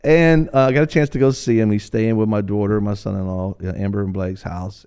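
A man's voice: fairly low pitch, fairly quick, hardly any pauses, clean tone. Laughing middle-aged man telling a story. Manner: animated, laughing, acts out voices in stories. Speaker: co-host. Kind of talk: casual storytelling chat.

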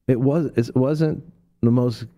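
A man hosts a Christian radio talk, preaching through rambling stories full of fillers and restarts, and suddenly jumps into a high voice to act out people he quotes. He speaks slowly and mellowly with fairly even intonation.

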